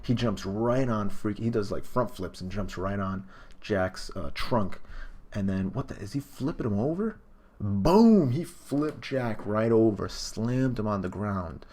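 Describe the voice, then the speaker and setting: A man reading a comic live for viewers, excited, exclaiming, loose and profane. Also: lowish voice, a little slow. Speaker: live reaction streamer.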